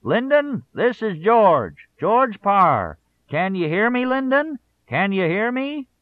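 Man playing a loud political boss hollering over a bad phone connection, pitched high and strained. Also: big pitch swings, slow pace, no echo, phone-quality sound, exaggerated voice. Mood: shouting. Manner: shouting, raised and strained. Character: male political boss shouting on a crackly phone.

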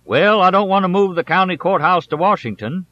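A man voicing a loud, excited male Texas politician shouting high and strained to crowds, in a slightly dull audiobook recording. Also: brisk, no echo. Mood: folksy.

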